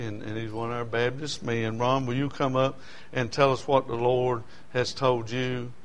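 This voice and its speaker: A man's voice: mid-range voice, fairly bright tone. A male preacher with a drawl delivers a sermon full of homespun testimony. His voice sits in an ordinary middle register, and he talks in a folksy, storytelling way. He climbs to emotional peaks as the stories build.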